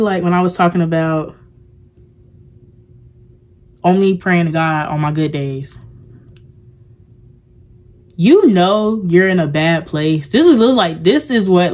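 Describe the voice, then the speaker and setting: A young woman with a low voice for a woman talks to her camera in a loose, confessional vlog. She rambles warmly and heartfeltly, circling back and leaning heavily on "like" and other fillers as she opens up.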